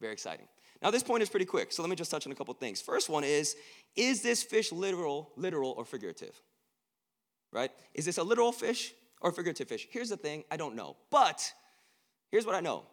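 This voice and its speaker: A young man preaching a casual, joking sermon to college students. He swings between hushed earnest lines and loud emphatic bursts. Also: on the high side, very animated, fast talker. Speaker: campus ministry speaker.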